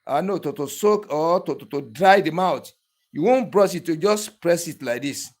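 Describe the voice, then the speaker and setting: Instructor man, a touch high-pitched, patient step-by-step demo that checks in with the viewer constantly. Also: expressive, normal speed. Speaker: barber tool instructor. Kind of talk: hands-on tutorial demonstration.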